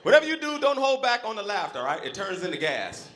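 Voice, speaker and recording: A man from South Central Los Angeles doing a loud, animated stand-up set, acting out characters. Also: high-pitched, fast talker, echoey room. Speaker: stand-up comedian. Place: comedy club stage. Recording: live club crowd noise. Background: laughing club audience.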